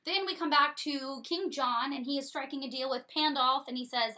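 A woman's voice: sits high, moderate pace, few pauses, bright, forceful tone. A woman giving a breezy, sarcastic comedic retelling of a story.

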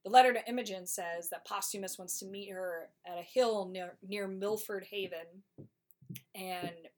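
A woman's voice: mid-range voice, fairly even intonation, a little mellow. A woman co-hosting a podcast, giving a chatty, slangy comic plot summary. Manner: chatty, slangy, quick asides. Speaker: podcast co-host.

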